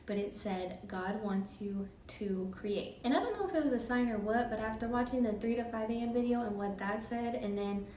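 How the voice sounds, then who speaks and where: A woman's voice: a little high, dark tone, recorded from a distance, a little hiss or hum. Chatty woman in her twenties, roomy sound. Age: 20s. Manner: candid, chatty, quick laughs. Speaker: vlogger. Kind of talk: casual personal vlog.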